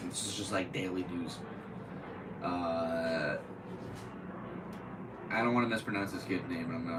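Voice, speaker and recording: A man's voice: low voice, far from the mic, noisy background. A man hosting a podcast, reading news aloud and breaking into profane, angry commentary. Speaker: podcast host.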